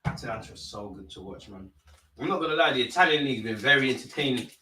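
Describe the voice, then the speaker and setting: A man's voice: medium pitch, expressive, fast talker, background noise. A man hosting a live football watch-along, talking in a casual, opinionated, rambling way full of slang. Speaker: football fan channel host.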